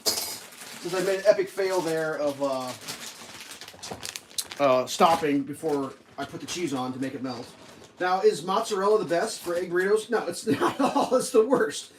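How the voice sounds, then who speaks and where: A man's voice: on the high side, normal speed, slight background noise. A man vlogging casually while cooking in his home kitchen, rambling and chatting with his dog.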